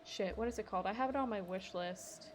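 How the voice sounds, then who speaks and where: A young woman streamer chats casually while playing, rambling, swearing freely and laughing often over background music. Her voice is mid-range and quick, with a little hiss or hum in the audio.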